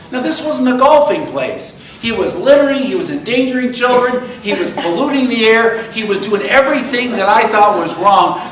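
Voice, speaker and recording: A man's voice: sits high, a little hiss or hum. A man in his sixties giving a sermon as minister, telling stories and asking the congregation questions. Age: 60s. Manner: storytelling, animated, asks congregation questions. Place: church sanctuary. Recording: roomy echo from a distant mic.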